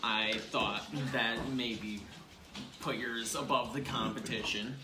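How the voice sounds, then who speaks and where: A man judging a home baking show, unhurried and hesitant. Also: medium pitch, fairly even intonation. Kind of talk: casual judging chat. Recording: echoey room, noisy.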